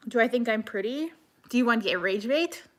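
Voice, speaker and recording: Woman livestreamer, slightly high pitch, loose casual chat peppered with "like" and restarts. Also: lively intonation. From Canada. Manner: chatty, heavy use of "like", quick self-corrections. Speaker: livestreamer reading comments. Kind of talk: casual live-stream chat.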